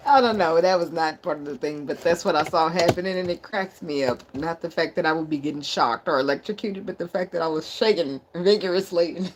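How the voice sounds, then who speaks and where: A woman's voice: lowish voice, a little fast, few pauses, noisy background. Lady doing a chatty tarot reading, cussing, laughing, going off on tangents. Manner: blunt, profane and laughing, with lots of playful asides. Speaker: tarot reader.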